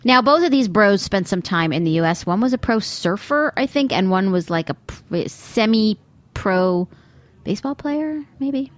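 A woman's voice: mid-range voice, animated, unhurried, dry recording. A middle-aged woman from Brooklyn hosting a podcast, delivering a sarcastic, rambling comic monologue full of mocking asides. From Brooklyn, United States. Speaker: podcast host. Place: sitting near a busy pizza restaurant.

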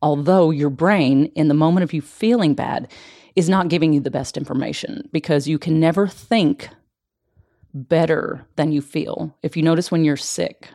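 A woman gently teaching about feeling emotions, talking in a soft, reflective way that often sinks to a hushed near-whisper. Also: low-pitched, fairly even intonation, moderate pace, dry recording, studio quality. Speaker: emotional wellness coach. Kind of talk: conversational teaching.

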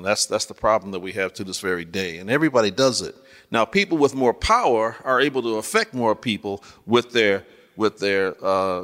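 A man, a guest author, explains his ideas in an unhurried teaching manner. He stumbles and restarts often and keeps checking that his listeners are with him. His voice sits at a middle pitch and rings with a long hall reverb. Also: a bit bright. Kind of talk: conversational teaching.

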